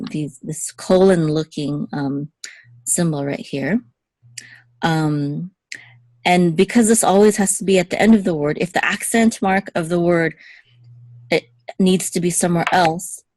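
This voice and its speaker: A woman teaching a language lesson, patiently repeating words slowly to contrast pronunciations and often checking in with "okay?". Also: sits low, a little mellow, no room sound. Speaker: Hebrew teacher.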